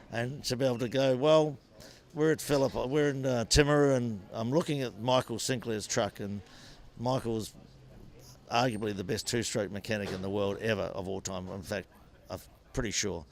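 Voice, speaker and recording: Older Kiwi ex-racer telling stories. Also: male voice, lowish voice. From New Zealand. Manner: animated anecdotes with frequent restarts. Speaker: former motorcycle racer and businessman. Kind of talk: interview, storytelling.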